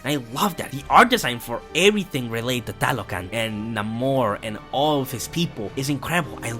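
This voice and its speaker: A man gushing through a casual movie review in a profane, animated way. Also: mid-range voice, brisk, over music. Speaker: film reviewer.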